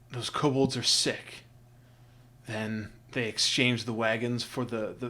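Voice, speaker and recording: A man's voice: mid-range voice, fairly bright tone, natural voice. A man voicing a frightened, greedy male merchant who stammers and pleads for his life in a tabletop game.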